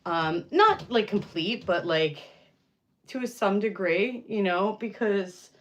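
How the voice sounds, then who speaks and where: A woman's voice: medium pitch, animated, slow, lo-fi sound. A young woman chatting casually with viewers on a livestream, rambling with lots of fillers and easy laughs.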